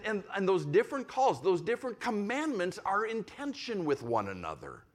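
Man preaching, slightly high voice. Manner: conversational preaching, voices imagined objections; repeats phrases for emphasis. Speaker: pastor. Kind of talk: sermon.

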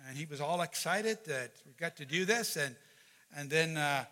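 A man preaching as a pastor, praying and telling a story in an earnest, animated way, often repeating his words. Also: a little high, normal speed. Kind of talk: sermon with prayer and storytelling. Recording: long hall reverb.

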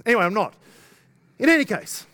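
A man delivering a sermon in a voice pitched a bit higher than most men's. He talks earnestly but casually, often asking the congregation rhetorical questions. His delivery stays relaxed and conversational. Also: a little fast. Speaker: preacher.

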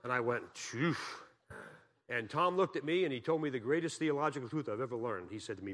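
A man's voice: medium pitch, a little fast, fairly bright tone, slight background noise. A man from Massachusetts giving a guest sermon as a pastor, telling folksy, joking stories and asking the congregation questions.

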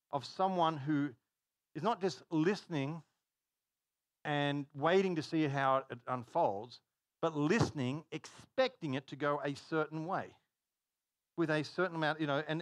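This man's voice sits on the high side, recorded dry. He preaches a conversational sermon full of stories, chatting along, cutting himself off mid-sentence and performing the dialogue.

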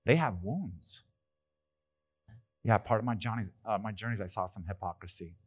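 Lively man preaching a casual sermon. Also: on the low side, moderate pace, slightly rough. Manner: lively, conversational preaching with playful asides. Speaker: pastor. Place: church hall.

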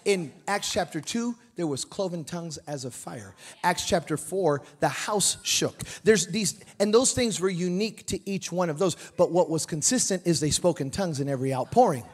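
Give me a middle-aged man preaching a revival sermon in church, high-voiced and lively, mixing jokes with shouted emphasis. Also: normal speed, hardly any pauses. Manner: animated, joking asides, rising to shouted emphasis. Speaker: pastor. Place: church sanctuary.

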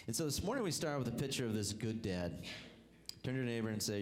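A male pastor preaching a sermon, reading scripture aloud and retelling it with lively call-outs to the congregation. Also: sits low, very fast.

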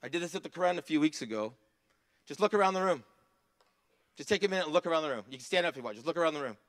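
A man preaching a sermon in a church, earnest, rising to emphatic passages and dropping to soft asides. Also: on the high side, lively intonation, rapid-fire. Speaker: pastor.

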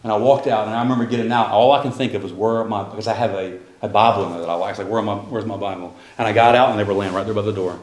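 A man's voice: fairly low pitch, fairly even intonation, very fast, few pauses, roomy sound. A middle-aged man, a pastor preaching a sermon and telling a personal story in a loose, conversational way with restarts. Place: church sanctuary.

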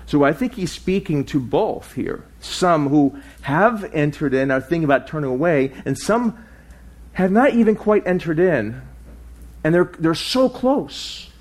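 A man preaching a sermon, with lively swings in pitch and loudness, dropping low and soft for emphasis. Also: a little slow. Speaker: pastor.

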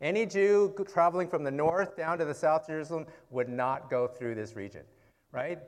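A man's voice: on the high side, moderate pace. A man preaching in a casual, conversational Bible-teaching style, often checking in with "okay" and "right?" and asking rhetorical questions.

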